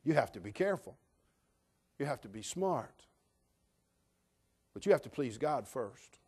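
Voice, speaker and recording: Animated preaching man with a fairly high voice. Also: husky. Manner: animated, humorous preaching that swings between loud emphasis and quiet asides. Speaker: pastor. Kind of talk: sermon.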